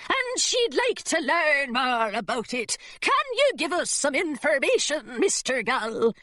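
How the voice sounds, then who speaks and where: A woman voicing a prim governess who puts on a thick, gruff pirate accent. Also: high-pitched, very animated, a little slow, sharp tone, dry recording, voice pushed up, heavily acted. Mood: scheming. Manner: gruff put-on pirate drawl.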